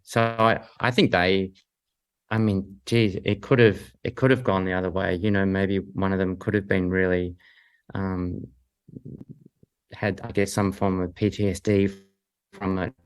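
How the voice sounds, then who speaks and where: A middle-aged Australian man talking casually as an interview guest, halting and full of restarts. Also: low voice, flat delivery, clear, resonant tone. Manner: halting, many restarts and fillers. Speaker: guest, husband.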